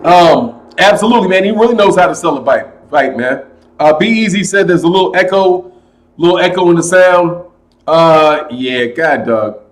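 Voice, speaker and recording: Guy running a boxing live stream, loud and pumped, kinda high voice, calls everyone man and brother, little echo on the mic. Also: normal speed. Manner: loud, animated, says "man" and "brother" a lot. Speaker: boxing channel host. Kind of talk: casual livestream chat. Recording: slight echo.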